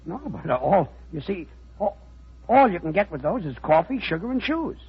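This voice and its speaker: A man playing the patient, halting straight man in a 1940s radio comedy, with a raspy voice. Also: high voice, very animated. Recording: dull old radio recording.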